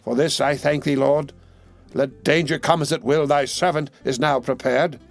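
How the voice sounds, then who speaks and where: A towering old commander, put on by a male narrator, shouts his orders across a battlefield. The voice is raised well above the reader's own and rings with command. Faint music plays underneath. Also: sits high, lively intonation, moderate pace, voice pushed up. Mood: solemn. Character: aged gigantic army commander, a grieving father.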